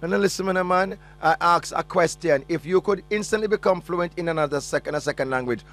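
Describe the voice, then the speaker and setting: A man's voice: sits high, fairly quick, fairly bright tone. A man with a Jamaican accent hosting a call-in radio show, chatting and joking as he reads listener messages, slipping between patois and English. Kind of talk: casual radio chat reading listener messages.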